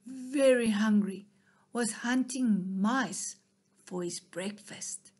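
A woman reading a children's storybook aloud in a high, husky voice. She takes her time and sometimes drops to a soft near-whisper. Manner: soft, dropping to a whisper at times.

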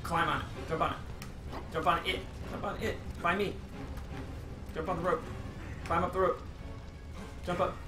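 A man playing a co-op game, giving quick directions and laughing along. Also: fairly high pitch. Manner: animated, bossy directions, laughing. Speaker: co-op gaming partner. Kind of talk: casual co-op gameplay chat. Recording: echoey room with game music.

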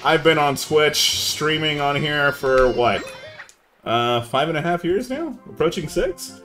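A young man chatting casually on a live gaming stream, laid-back and saying "man" a lot, yelling now and then at the game. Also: a little high, animated, unhurried, faint music behind.

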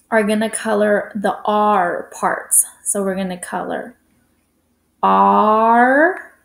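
A woman teacher giving a slow phonics lesson to young children, drawing out words and sounding out letters. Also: mid-range voice, vocal fry, roomy sound.

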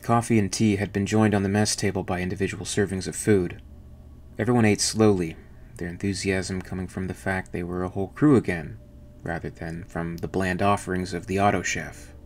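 A man narrating a novel in an even, measured audiobook reading. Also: deep voice, slight background noise.

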